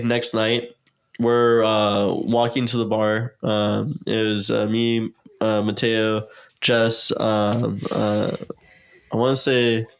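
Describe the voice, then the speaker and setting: A young man in casual podcast talk, telling a long story full of fillers and acted-out quotes. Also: fairly low pitch. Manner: rambling, filler-heavy, acts out quotes. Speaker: guest.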